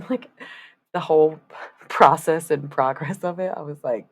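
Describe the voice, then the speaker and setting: A woman's voice: low voice, unhurried. A woman chatting casually on a live stream as she paints, rambling and swearing freely in asides to her viewers.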